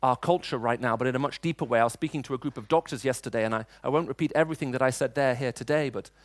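He's a middle-aged preacher with a medium pitch who races through a sermon of personal anecdotes. The storytelling is chatty and marked by frequent restarts, and the recording is dry.

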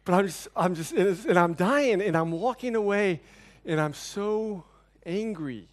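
A man preaching a sermon, telling a personal story with lively, animated delivery that drops to hushed, somber tones. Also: high-pitched, moderate pace. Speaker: pastor.

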